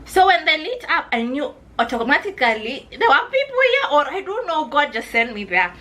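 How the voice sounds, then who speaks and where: A woman's voice: high voice, sing-song, normal speed, bright, forceful tone, low-quality recording. A young Kenyan woman with a Kenyan accent telling a personal story in an emotional vlog, often calling her viewers "guys". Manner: emotional, addresses viewers as guys, repeats herself. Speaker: vlogger.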